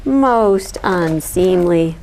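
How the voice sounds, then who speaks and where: A woman's voice: fairly low pitch, expressive, darkish tone, a little hiss or hum. A woman doing a pompous stern bear. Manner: pompous and declaring, drawn-out words. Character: stern, proper old-fashioned male bear. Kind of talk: picture-book read-aloud.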